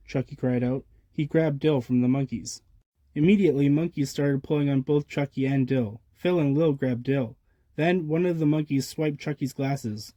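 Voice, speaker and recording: A man's voice: medium pitch, normal speed, dry recording. A man reading a children's picture book aloud, lifting his voice for the baby characters' lines. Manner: lively, lifts voice for the babies' lines. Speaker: storybook reader. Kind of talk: children's story read-aloud.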